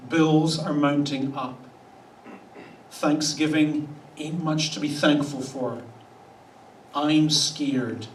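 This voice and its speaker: A male pastor delivering a sermon in a loose, conversational way, wry and quick to act out the voices of the people he quotes. His voice sits a touch high for a man. The sound carries the echo of a large church hall, heard from a little way off the mic, with a faint hum of the room behind it. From Canada. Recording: echoey church hall, voice a bit distant.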